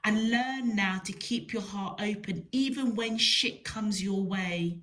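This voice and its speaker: Slow, emphatic woman tarot reader. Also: medium pitch, fairly bright tone. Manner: slow, emphatic, repeats words for stress. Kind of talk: spiritual tarot reading to camera.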